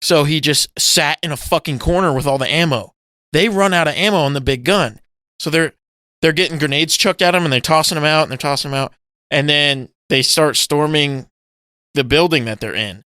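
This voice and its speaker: A man co-hosting a podcast, chatting casually and swearing a lot as he retells movie scenes with yelled bits. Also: fairly high pitch, moderate pace, no room sound, clean studio sound. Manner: animated storytelling, swearing, loud acted-out yells. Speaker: podcast co-host. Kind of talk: casual chat.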